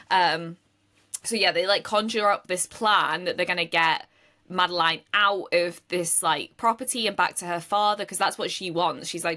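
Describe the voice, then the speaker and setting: Bright-voiced woman chatting about a book. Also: medium pitch, normal speed. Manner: chatty retelling, many fillers, acts out characters' lines. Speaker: podcast co-host. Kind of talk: casual book chat.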